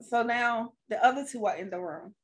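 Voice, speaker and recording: A woman's voice: on the high side, normal speed. A woman co-hosting a podcast, telling a casual family story with frequent laughs. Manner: laughs often, relaxed storyteller. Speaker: podcast co-host; mother and stepmother.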